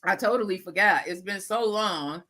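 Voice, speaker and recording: Middle-aged woman, live-stream host, congested nose, throat clearing, bright clear tone, chatty and animated, talks to viewers as y'all. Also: medium pitch, moderate pace. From Lackawanna, New York, USA. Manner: chatty, animated, laughing asides, calls audience y'all. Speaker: livestream host. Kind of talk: casual live chat with viewers.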